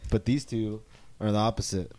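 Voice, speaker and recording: A man's voice: on the low side, steady tone, normal speed, warm tone. A young man co-hosting a casual podcast, joking and laughing between remarks. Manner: joking, laughs often, restarts sentences. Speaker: podcast co-host. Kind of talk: casual chat.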